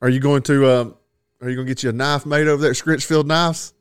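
A man's voice: mid-range voice, fairly even intonation, fast, clear, resonant tone, no room sound, clean studio sound. A man co-hosting a podcast, chatting casually and second-guessing himself. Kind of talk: casual chat.

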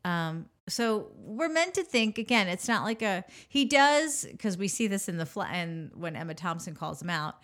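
A woman's voice: medium pitch, big pitch swings, normal speed, hardly any pauses, a bit bright. A woman co-hosting a podcast, chatting casually as she retells a film's scenes and acts out quoted lines. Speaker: podcast co-host. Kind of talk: casual movie recap chat.

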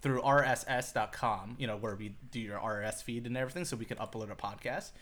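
Bright-voiced casual male podcaster. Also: mid-range voice, quick pace. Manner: rambling, swears often, acts out quoted reactions. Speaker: podcast co-host. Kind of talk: casual chat.

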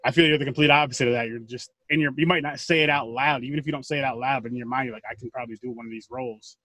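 A man's voice: medium pitch, fairly even intonation, racing, pushed and bright, no room sound. A man hosting a casual interview, encouraging his guest in long run-on thoughts. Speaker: interview host.

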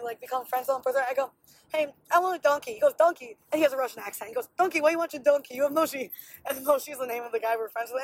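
Chatty young woman podcasting solo, high voice, talks super fast, dry close sound. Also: dry recording, poor audio. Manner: chatty and bubbly, heavy use of "like". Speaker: podcast host. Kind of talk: casual solo podcast storytelling.

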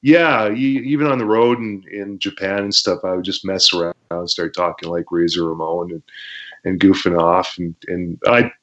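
A man's voice: low-pitched, steady tone, moderate pace, a bit bright. A man from Canada, a former wrestler and guest, telling stories in a laid-back way, laughing often and acting out quotes. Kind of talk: casual storytelling interview. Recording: dull lo-fi podcast audio.

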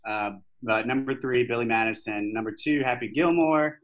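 A man co-hosting a casual movie podcast, telling stories in a relaxed way with hesitant restarts and casual swearing. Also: mid-range voice, normal speed, rough recording. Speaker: podcast co-host. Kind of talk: casual chat about movies.

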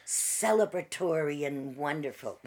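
A woman hosting a casual chat, telling stories from her past with quick asides and laughter. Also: deep voice, lively intonation, darkish tone, husky. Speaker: host.

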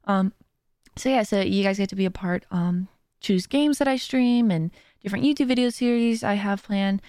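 A woman's voice: mid-range voice, moderate pace, a little mellow, no room sound. A young adult woman hosting her own podcast, chatting casually and rambling with many fillers and giggles into a close mic. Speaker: podcast host and streamer. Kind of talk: casual chat. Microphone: speaking into a close mic.

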